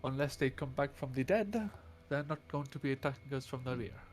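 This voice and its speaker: A man's voice: mid-range voice, lively intonation, a little fast, slight background noise. A man playing a tabletop role-playing game, speaking politely and formally in character. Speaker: player.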